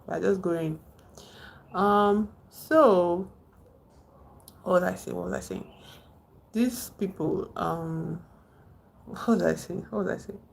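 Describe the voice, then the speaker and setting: Nigerian woman streamer, low gravelly voice, rambling and chatty. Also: slight background noise. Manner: rambling, retells film scenes, greets chat viewers. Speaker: livestream host. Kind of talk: casual livestream chat.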